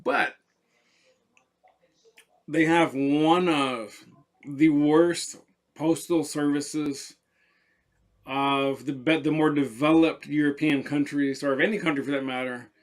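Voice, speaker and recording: A man with a fairly high voice hosts a casual perfume review vlog. He talks in an animated, rambling way, circling back and repeating words as he goes. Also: slow, long pauses.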